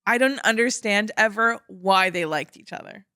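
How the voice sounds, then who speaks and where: A young woman co-hosting a book podcast in casual chat, blunt and expressive, laughing often. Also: medium pitch, normal speed, clean tone, no room sound, clean studio sound. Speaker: podcast co-host.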